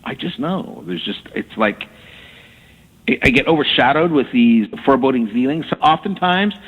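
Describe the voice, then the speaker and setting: Halting man on a tinny phone line. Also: medium pitch, expressive, husky, long reverb tail. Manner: halting, repeats words, says "okay?". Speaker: radio interview guest. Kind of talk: casual storytelling.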